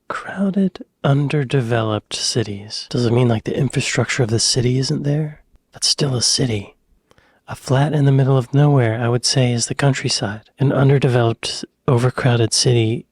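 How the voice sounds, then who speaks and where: An American man reacting to a video, musing out loud with hesitant, chuckling asides. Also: mid-range voice, fairly even intonation, normal speed, slightly rough, no room sound. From United States. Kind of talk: casual reaction commentary.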